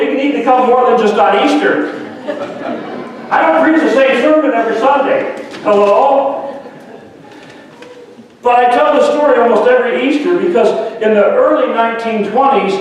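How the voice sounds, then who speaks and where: A man preaching an Easter sermon, telling a story and rising to shouted refrains. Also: extremely high pitch, a little hiss or hum. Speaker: pastor. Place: large church hall. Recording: echoey church hall from a distance.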